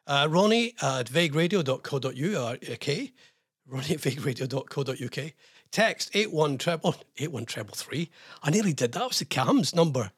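A man's voice: fairly high pitch, fairly bright tone, slightly rough. A British man presenting a radio show, giving opinionated commentary with sarcastic, mocking asides.

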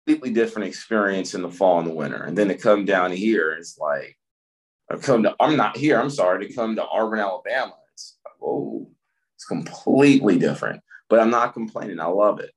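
Deep-voiced man telling his story. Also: fairly quick. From Midwest, Michigan. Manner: relaxed storytelling with frequent fillers and laughs. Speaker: county commissioner, guest. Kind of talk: conversational interview.

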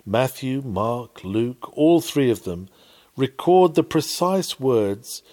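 A man delivers an old-fashioned sermon in a fervent, pleading manner. His voice sits at an ordinary male pitch but climbs and falls dramatically from line to line, and he slows down on the key phrases to press them home. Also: sing-song, mellow. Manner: fervent and pleading, with wide swings in pitch and volume.

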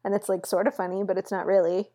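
A woman with a warm, mellow voice joins the podcast as a guest. She talks about the film in a relaxed, wry way. Her tone stays easygoing throughout. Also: medium pitch, fast talker. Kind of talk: casual movie chat.

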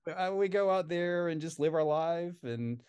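A man's voice: a little high, lively intonation, moderate pace, a little mellow, clean tone. A young man co-hosting a podcast in casual chat, laid-back, with many fillers and easy laughs. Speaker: podcast co-host.

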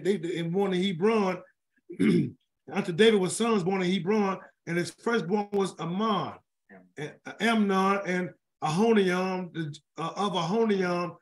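High-voiced man teaching a Bible study. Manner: colloquial, chatty asides, frequent restarts while reading. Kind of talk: scripture reading with casual commentary.

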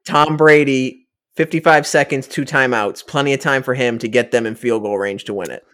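A man in his thirties co-hosting a podcast, relaxed and joking. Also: mid-range voice, normal speed. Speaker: podcast co-host. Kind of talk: casual chat.

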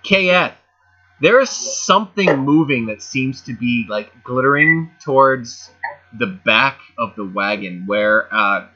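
A game master runs a tabletop session over voice chat, his mid-range voice expressive, slow, pushed and bright as he chats through scenes with plenty of fillers and asides. He's on a home voice chat mic, and the audio comes through muffled.

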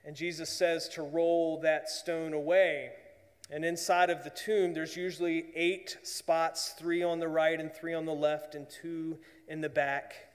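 A man preaching a sermon as pastor, earnest, often dropping to a hushed voice for emphasis. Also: fairly high pitch, flat delivery, unhurried, long reverb tail.

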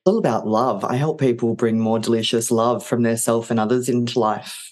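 A woman's voice: a bass voice, fairly even intonation, moderate pace, a little mellow. A woman guest who works as a relationship coach, talking in a playful, enthusiastic way in casual podcast chat.

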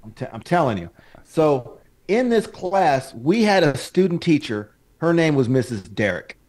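A man with a somewhat high voice co-hosts a casual podcast and tells raunchy stories from his youth. His delivery is profane and boisterous. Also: big pitch swings, a little slow, darkish tone. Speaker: podcast co-host. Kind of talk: crude casual chat.

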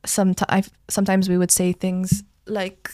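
A young woman with a Maltese accent talks loosely and at length, with "like" scattered through her sentences. Her voice sits at an ordinary middle pitch and sounds close and dry, with no room around it. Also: monotone, moderate pace, darkish tone, no echo. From Malta. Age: young adult. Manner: chatty, explains at length with many "like" fillers. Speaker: drama school student guest. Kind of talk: casual podcast chat.

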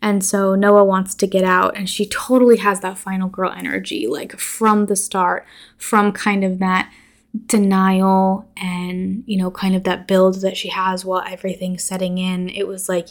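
This is a young woman talking through a horror movie on her podcast, and she keeps it loose and conversational. Her voice sits at an ordinary middle pitch for a woman. She is blunt and a bit profane, with plenty of "like" and "um" along the way. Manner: chatty, filler-heavy, blunt and profane. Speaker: podcast host. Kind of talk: casual movie recap.

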